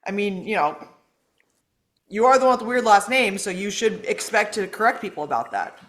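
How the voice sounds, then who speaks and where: Bright, blunt woman swearing freely. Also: medium pitch, animated, fairly quick. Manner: blunt, profane and self-mocking. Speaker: podcast co-host. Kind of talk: casual chat.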